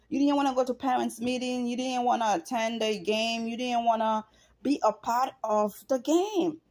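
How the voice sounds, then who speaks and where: A woman's voice: mid-range voice, darkish tone. A middle-aged woman talking straight to camera in an emotional, earnest personal monologue, repeating herself for emphasis. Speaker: vlogger.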